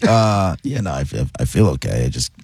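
A man with a congested chest cold and a husky, very low voice trades casual banter on a radio show. The studio sound is dry and close. He talks in a relaxed, easygoing way. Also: moderate pace, no echo. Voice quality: deep, husky. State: congested, sick voice.

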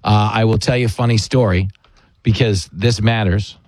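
A man's voice: fairly low pitch, normal speed, dry recording, studio quality. A man hosting a radio talk show, joking and telling stories about himself. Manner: joking, self-mocking, animated storytelling. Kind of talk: casual radio chat.

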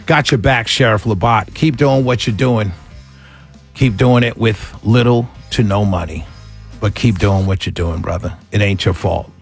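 A man's voice: on the low side, moderate pace, soft background music. A man hosting a talk radio show, ranting with sarcasm and passion and laughing between his points. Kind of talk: opinionated radio monologue.

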